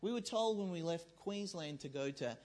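A man's voice: on the high side, lively intonation, moderate pace, darkish tone. A man giving a conversational sermon in a church, joking with the congregation and acting out the voices in people's heads. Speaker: pastor.

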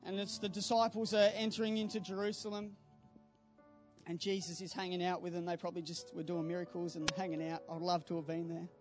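A man's voice: high voice, flat delivery, fairly quick, faint music behind. A young man, a youth pastor, preaching a sermon earnestly and building to fervent exhortation at a church service.

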